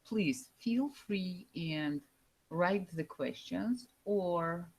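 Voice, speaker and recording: Slow, low-voiced woman lecturing online. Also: breathy edge. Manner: halting, searches for words with fillers. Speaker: university lecturer. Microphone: computer microphone over a video call.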